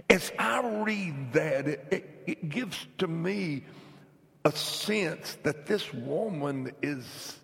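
A man from North Carolina, preaching an emphatic revival sermon that swings between loud, shouted lines and hushed whispers. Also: fairly high pitch, lively intonation, drawn-out words, vocal fry, long reverb tail. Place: church sanctuary.

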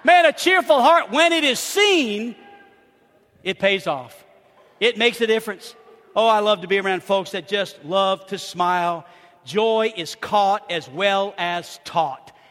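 A man preaching a sermon as pastor, telling humorous, animated stories with bursts of laughter. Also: high-pitched, slow pace. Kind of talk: lively sermon storytelling. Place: church sanctuary. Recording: hall reverb in a church.

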